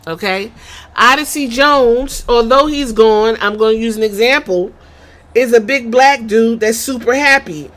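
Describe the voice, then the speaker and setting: A woman's voice: fairly high pitch, a little slow, fairly bright tone. A woman hosting a podcast, giving blunt, profane and sarcastic opinionated commentary. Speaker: podcast host.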